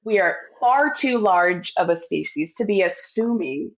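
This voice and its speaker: A woman's voice: lowish voice, animated, a little slow. A woman hosting a podcast interview, chatting enthusiastically and eagerly responding to her guest. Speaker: podcast host. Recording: dull lo-fi recording.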